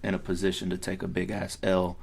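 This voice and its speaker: A man's voice: deep voice, completely flat delivery, brisk, gravelly, husky. A young man who is a podcast guest, talking loosely with lots of fillers and frequent laughs. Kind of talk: casual podcast chat.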